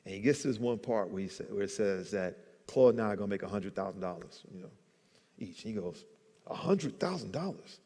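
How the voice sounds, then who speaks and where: Animated male storyteller in a reverberant hall. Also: lowish voice, quick pace. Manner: animated storyteller acting out quotes. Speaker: guest entrepreneur. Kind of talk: storytelling in a church talk. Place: church event hall.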